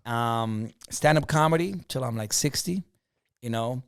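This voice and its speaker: A man's voice: mid-range voice, a little slow, smooth, no echo, studio quality. A man guesting on a podcast as a comedian and actor, talking in a laid-back, slangy way. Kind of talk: casual interview chat.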